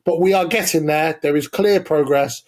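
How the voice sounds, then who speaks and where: A man's voice: on the high side, normal speed, darkish tone. Opinionated man hosting a football podcast. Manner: opinionated, sweary, lays out arguments step by step. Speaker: podcast co-host. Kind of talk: casual football podcast chat.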